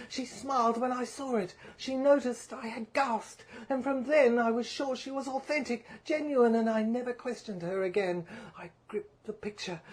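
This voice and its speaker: A woman reading a first-person story aloud, measured and deliberate. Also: a little high, darkish tone. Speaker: story reader.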